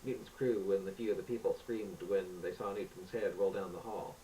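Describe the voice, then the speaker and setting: A man reading a homemade adventure story aloud in a plain, steady way with small slips. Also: low voice, a little fast, recorded from a distance, slight background noise, low-quality recording.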